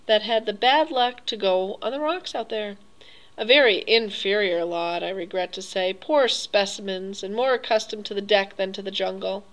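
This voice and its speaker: An urbane, coolly pleased old gentleman hunter voiced by a woman reading aloud, polished and mocking, with cruelty under his good manners. His pitch rises and falls with amused relish, and the talk stays smooth and measured, like an audiobook figure. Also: lightly acted, poor audio. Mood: pleasant, menacing. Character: suave, cruel older male aristocrat hunter.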